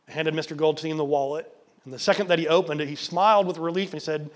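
A male pastor relates a story to his congregation with earnest feeling, his fairly high voice sinking to a hush at tender moments. He doubles back on words as he builds toward his point. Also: steady tone, fast. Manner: earnest, drops to soft near-whisper, repeats words for emphasis. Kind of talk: sermon with storytelling.

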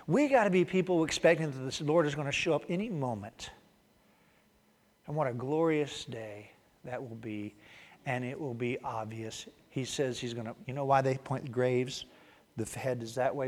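A man pastor preaching a sermon, reading Scripture and acting out the people in it, swinging from loud outbursts to quiet asides. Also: mid-range voice, normal speed, long reverb tail. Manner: animated, acts out voices, swings from loud to quiet.

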